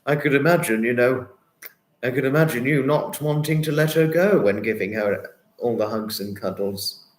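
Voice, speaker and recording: A man hosting a livestream, chatting warmly with viewers and reading their comments, effusive and sympathetic, often repeating himself. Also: medium pitch, normal speed. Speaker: livestream host. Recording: roomy echo.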